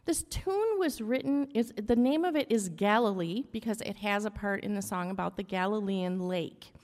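A woman's voice: medium pitch, moderate pace, darkish tone. A woman leading a casual hymn lesson for a congregation, explaining rhythm with frequent "okay?" and humming beats. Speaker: church music leader. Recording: long echo of a large room.

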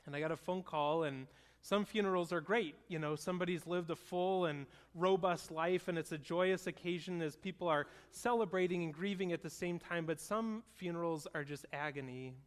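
A man's voice: fairly high pitch, normal speed. A man in his thirties, a pastor preaching a sermon in an earnest, conversational storytelling way. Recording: long hall reverb.

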